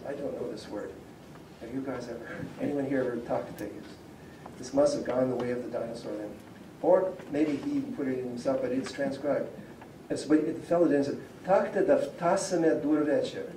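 With a mellow mid-range voice, a male professor explains Slavic linguistics to a public audience in a relaxed, conversational style and reads word examples. He sounds far away in the echoing civic centre lecture room, where a faint hum lingers.

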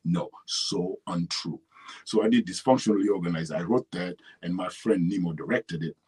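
A man's voice: low voice, normal speed, slightly rough, rough recording. A middle-aged man with a Kenyan accent, answering interview questions in a loose, rambling way with many restarts. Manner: rambling, restarts often, animated when telling stories. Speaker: actor and writer, interview guest. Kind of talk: relaxed conversational interview.

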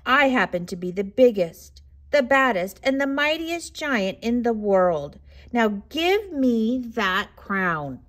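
A woman reading a storybook aloud, voicing a huge male giant who brags loudly and whimpers before his mother. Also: a little high, very animated, slow, heavily acted. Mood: bullying. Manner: loud boasting, then whimpering.

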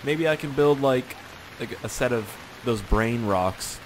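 A man giving casual gameplay commentary, talking to himself in a profane, excitable, rambling way. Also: mid-range voice, a little slow, noisy background. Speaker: gaming YouTuber.

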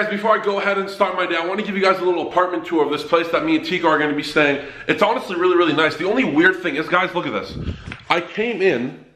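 Male vlogger, quick and excitable, slightly high voice, echoey room sound. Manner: excitable, quick-talking, chatty complaining. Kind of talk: casual vlog to camera. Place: apartment indoors.

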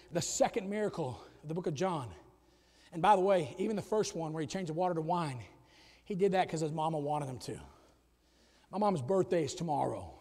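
In a big church sanctuary with echoing reverb, a middle-aged man preaches in a bright, high voice. As pastor, he moves from quiet, chatty remarks up to shouted climaxes and back again.

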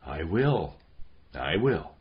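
A man's voice: very animated, drawn-out words, lo-fi sound, exaggerated voice. A man voicing a brooding abused teenage boy. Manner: low muttered vow. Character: abused teenage boy, quietly vowing revenge.

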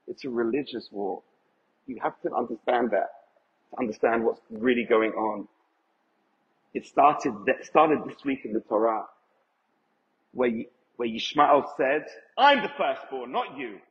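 A man's voice: mid-range voice, a little slow, pauses often. Emphatic male rabbi in an echoey hall. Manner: emphatic, asks the audience questions. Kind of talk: Torah lecture to a live audience. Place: event hall with audience. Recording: echoey hall, dull lo-fi sound.

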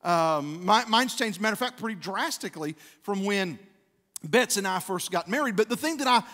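High-voiced pastor preaching in a reverberant hall. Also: male voice, pushed and bright. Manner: conversational preaching, acts out quotes with rising fervor. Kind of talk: sermon. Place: church sanctuary. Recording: long church hall reverb.

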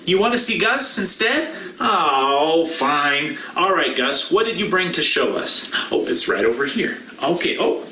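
A pastor giving a children's message, talking with playful, animated banter to a silent puppet. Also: male voice, a little high, a little slow, hardly any pauses, slight background noise. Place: church sanctuary. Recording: roomy hall from a distance.

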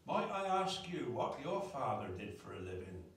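A man's voice: medium pitch, very animated, normal speed, distant mic, natural voice. A man voicing an old, plain-spoken fisherman who talks in rustic old-fashioned dialect, in a live club recording. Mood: sly. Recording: roomy live club sound with guitar.

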